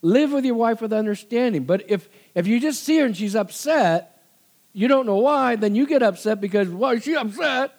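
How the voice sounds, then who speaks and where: A middle-aged man preaching a conversational sermon, animated and given to laughter, acting out quoted voices. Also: high-pitched, normal speed. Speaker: pastor.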